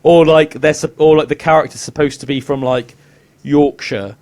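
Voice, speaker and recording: Chatty English podcast co-host. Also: male voice, fairly high pitch, normal speed. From England. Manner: chatty, animated storytelling with put-on voices. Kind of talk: casual chat.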